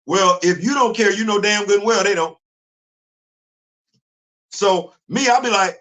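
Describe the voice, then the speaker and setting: Animated high-voiced male stream host. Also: unhurried, long pauses. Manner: animated, rhetorical questioning, repeats himself. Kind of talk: live stream commentary.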